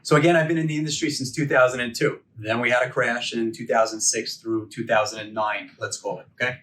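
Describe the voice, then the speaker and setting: A fortysomething man gives a conversational continuing-education lecture, peppering it with rhetorical questions and check-ins like "okay?" and "right?". His medium-pitched, fairly bright voice moves fast with fairly even intonation. He sounds a bit far from the microphone.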